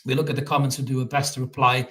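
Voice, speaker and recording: A man's voice: mid-range voice, racing. A man co-hosting a live football reaction show, joking and swearing freely. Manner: sweary, jokey, repeats words when excited. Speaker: football podcast co-host. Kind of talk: live post-match reaction chat.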